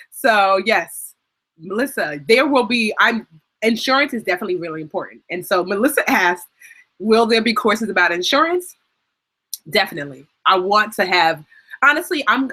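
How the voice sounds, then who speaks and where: A chatty, emotional woman in her thirties hosts a casual live-stream Q&A. Her voice is bright and a bit husky, and she talks openly, laughing at herself and getting teary as she goes. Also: medium pitch. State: tearful, crying at times. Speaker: personal finance educator and host.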